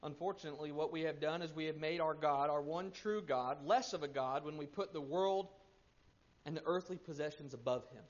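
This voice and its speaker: Man preaching, high voice, dynamic delivery with loud and hushed swings, muffled lo-fi recording. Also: fairly quick. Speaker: pastor. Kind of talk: sermon.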